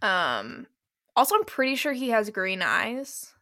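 A woman's voice: on the high side, very animated, a little slow, pushed and bright, dry recording, clean studio sound. A young woman co-hosting a podcast, talking through book picks in an easygoing, wry way. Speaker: podcast co-host. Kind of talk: casual chat about romance novels.

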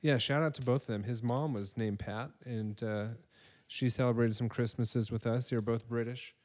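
A man's voice: medium pitch, steady tone, moderate pace, darkish tone. A man hosting a casual podcast chat, rambling and full of fillers. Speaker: podcast host.

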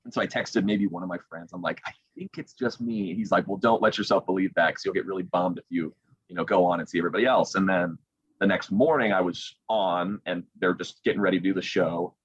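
A young man, a sports broadcaster, excitedly retelling a story as an interview guest over a video call, acting out quotes as he goes. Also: deep voice, slightly rough, dry recording, dull audio. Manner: animated, excited retelling with quick acted quotes.

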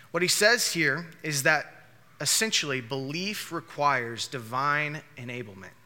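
A man's voice: fairly high pitch, bright, forceful tone. A man preaching a sermon as a pastor, emphatic and repeating key phrases for stress. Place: church hall. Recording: long hall reverb.

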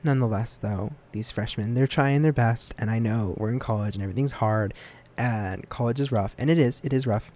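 This young American adult, a student podcast host, rambles briskly through a casual solo episode. Poking fun at himself, he keeps leaping up into a high pitch before settling back into his mid-range voice.

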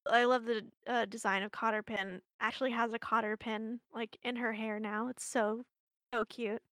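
A young woman co-hosting a casual podcast chat, easygoing and quick to laugh. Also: fairly high pitch, level tone, a bit bright, no echo. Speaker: podcast co-host.

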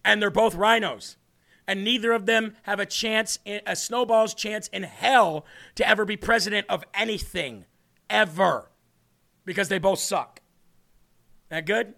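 A man's voice: sits high, measured pace, vocal fry, sharp tone. A man hosting a political livestream, talking in a brash, mocking way and reading out viewer comments. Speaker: livestream show host.

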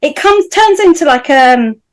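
A woman's voice: sits high, expressive, measured pace. A woman co-hosting a casual film chat, wryly retelling a scene. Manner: wry, recounts scenes with quoted lines. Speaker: podcast co-host.

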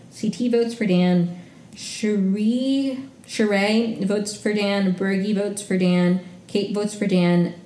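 A woman hosts a solo podcast in a loose, gushing way, with "like" everywhere. Her voice is mellow and relaxed, sitting mid-pitch. The room around her rings a bit. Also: echoey room. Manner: chatty and gushing, peppered with "like". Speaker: podcast host recapping reality TV. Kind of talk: casual solo recap.

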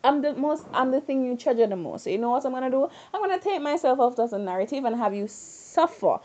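A woman voicing a cold, scheming father bent on revenge, speaking slowly in a low, menacing way. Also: very animated, a little mellow, lo-fi sound.

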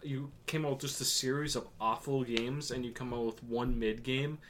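A man chatting on a casual podcast about games. He talks in an offhand, deadpan way and swears freely. Faint background noise runs under his voice. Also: mid-range voice, normal speed. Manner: offhand, profane, deadpan jokes. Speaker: podcast co-host.

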